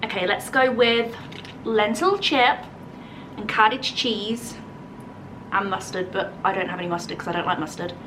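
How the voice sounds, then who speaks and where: A woman's voice: mid-range voice, moderate pace, distant mic, background noise. A woman with an English accent chatting casually in a home vlog, bubbly and thinking aloud as she tastes food, then tidies the garden. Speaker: lifestyle vlogger.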